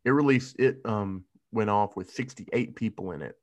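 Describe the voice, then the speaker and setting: A man's voice: fairly low pitch, normal speed, darkish tone, dry recording. A young man co-hosting a podcast, reading out updates in a laid-back way with hesitant fillers and dry humor. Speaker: podcast co-host.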